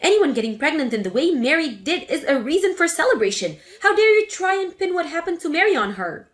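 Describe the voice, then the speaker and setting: A woman's voice: high voice, big pitch swings, brisk. A woman voicing an indignant adult daughter confronting her mother in a dramatic story reading. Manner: indignant, forceful.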